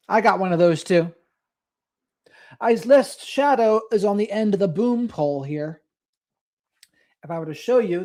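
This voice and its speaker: A commentator on a live stream reacts to the action and reads out comments from the chat with a joking tone. The voice sits at an average pitch and the delivery is loose and casual. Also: darkish tone.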